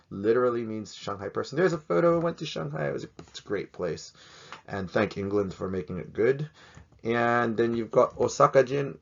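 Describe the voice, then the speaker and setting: A man's voice: medium pitch, expressive, normal speed, gravelly. A man teaching a casual video lesson, joking and rambling as he poses question after question, in a slightly dull lo-fi recording.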